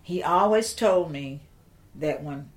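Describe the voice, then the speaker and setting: Low-voiced older woman. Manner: slow, reflective, with halting restarts. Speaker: interviewee. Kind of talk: personal storytelling.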